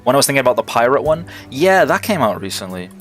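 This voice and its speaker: A man's voice: medium pitch, very animated, fast talker, soft background music. A young man streaming live, chatting casually with viewers in a rambling, enthusiastic way and swearing freely. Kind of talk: casual livestream chat answering viewers.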